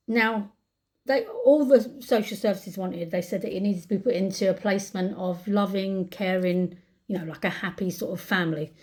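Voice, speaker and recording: A woman's voice: mid-range voice, a little mellow. A woman with a British accent, talking to camera in an upset, angry rant, often repeating words. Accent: British English. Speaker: vlogger. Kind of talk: emotional commentary to camera.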